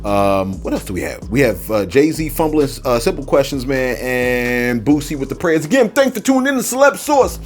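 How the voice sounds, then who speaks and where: A man's voice: medium pitch, normal speed, hardly any pauses, soft background music. A man hosting a celebrity news channel, joking in casual commentary with lots of fillers. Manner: animated, joking, many fillers and repeated "man" and "look".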